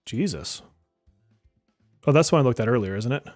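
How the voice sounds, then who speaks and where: A man's voice: medium pitch, animated, brisk, a little mellow, dry recording, studio quality, faint music behind. A man streaming a game live, joking and exasperated, often swearing and laughing as he talks to his viewers. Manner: talks to chat viewers directly. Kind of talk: live-stream gaming commentary.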